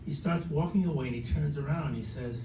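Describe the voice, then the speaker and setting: A man's voice: fairly high pitch, fast talker. Older man telling stories in a roomy hall. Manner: chatty anecdotal, acts out quotes with a lively voice. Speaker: son of the guest of honor. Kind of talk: casual storytelling to a gathering. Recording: roomy hall, distant mic, background noise.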